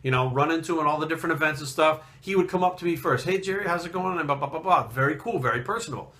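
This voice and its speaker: A man's voice: on the high side, racing, bright, forceful tone. Blunt, profane man ranting heatedly. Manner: blunt, profane, heated, mimics others in quotes. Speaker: fitness video host. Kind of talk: casual ranting monologue.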